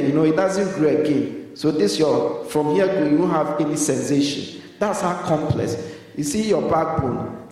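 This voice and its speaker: A man preaching a sermon as pastor, pausing so the congregation can finish his sentences in call-and-response. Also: fairly high pitch, a little mellow. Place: church hall. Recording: echoey hall, voice from far off.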